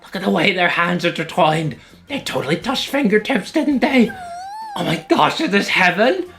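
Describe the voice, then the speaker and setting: A man's voice: high voice, lively intonation, moderate pace, vocal fry, fairly bright tone, faint music behind, voice pushed up, full character voice. A man voicing a giddy, hyperexcited young female superfan with a gushing, squealing delivery.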